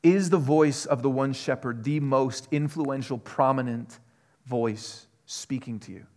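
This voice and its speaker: A man preaching a sermon, earnest, moving from quiet questions to loud, emphatic passages. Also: mid-range voice, a little slow. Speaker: pastor.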